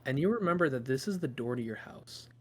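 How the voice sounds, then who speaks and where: A man's voice: medium pitch, lively intonation, fast. A man narrating a tabletop game as game master, in a loose, improvised storytelling way with fillers.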